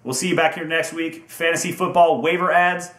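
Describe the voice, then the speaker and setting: A man hosting a casual football predictions video keeps it upbeat and teasing, playfully drawing out team names. His voice is on the high side, fairly even in intonation, brisk and a bit bright, and the room is echoey.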